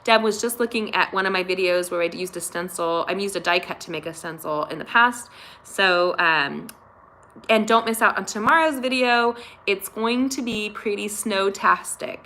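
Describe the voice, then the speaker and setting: A woman's voice: mid-range voice, normal speed, bright, forceful tone. Woman, bubbly, gushing, chatty live craft tutorial, home recording. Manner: bubbly, gushing, talks straight to viewers. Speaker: craft channel host.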